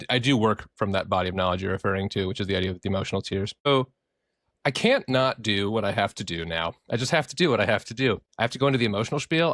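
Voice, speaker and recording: Low-voiced guy on a podcast, talks fast, jokey and rambly, swears a bit. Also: fairly bright tone, dry recording, studio quality. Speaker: podcast co-host. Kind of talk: casual chat, explaining.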